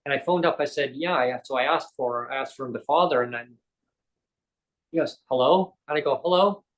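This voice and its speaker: A man telling a personal story on a talk show, animated and using lots of fillers. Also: medium pitch, fairly quick, rough recording. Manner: animated, acts out quoted voices; many fillers like "like". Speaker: guest. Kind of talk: casual storytelling.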